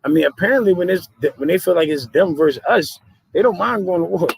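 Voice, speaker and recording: A man hosting a casual podcast chat, telling stories in animated streetwise slang. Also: sits high, fast talker, creaky, a little hiss or hum, low-quality recording. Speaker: podcast host.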